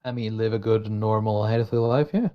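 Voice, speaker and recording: A man's voice: lowish voice, normal speed. A man co-hosting a podcast in casual chat, making sardonic, mock-cheerful quips. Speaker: podcast co-host. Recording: slightly dull, lo-fi sound.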